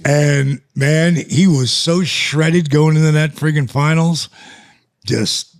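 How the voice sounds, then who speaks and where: An older man as a podcast guest, telling stories in a casual, animated way and acting out the conversations. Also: a little high, slow. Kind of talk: casual storytelling. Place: lives in the US.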